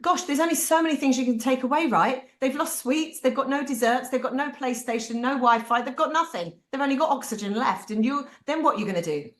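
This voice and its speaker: A woman's voice: sits high, a little fast, hardly any pauses. A middle-aged woman, telling personal family stories at a talk and acting out bits of dialogue. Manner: animated, acts out family dialogue. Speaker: parent speaking at a talk. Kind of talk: personal storytelling in a panel talk. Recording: echoey room.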